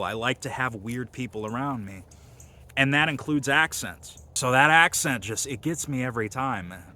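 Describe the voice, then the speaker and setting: A man with a bright, slightly sharp-edged, mid-range voice rambles through a crude comic monologue packed with fillers and deadpan boasts. He sounds like he's hosting his own video as a comedy host.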